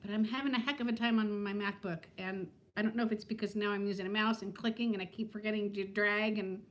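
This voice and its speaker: Speaking at a quick pace with fairly even intonation and a medium pitch, this vlogger in her fifties chats casually with viewers on a home live stream. She calls people by name and laughs a lot.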